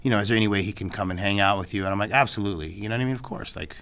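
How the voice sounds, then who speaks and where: Speaking rapid-fire in a lowish voice with vocal fry, a filmmaker being casually interviewed rambles through a story full of restarts, asides, and "you know what I mean." His tone is clean and fairly bright.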